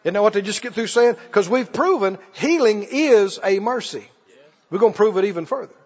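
High, lively man preaching a fervent sermon. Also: brisk. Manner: fervent, rhetorical questions to the congregation. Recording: dull recording with long hall reverb.

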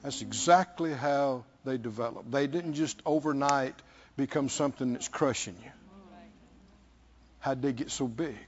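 A man preaches a sermon with lively storytelling, repeating words for emphasis and asking the congregation "Hmm?" His voice is mid-range and a little slow. The highs are cut off.

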